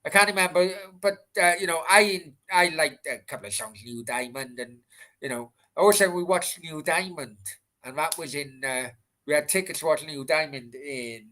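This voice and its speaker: Male stream host, casual, swears nonstop, bright, fairly high voice. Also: normal speed. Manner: swears constantly, rambling with restarts. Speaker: football channel host. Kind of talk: casual rambling anecdote on a live stream.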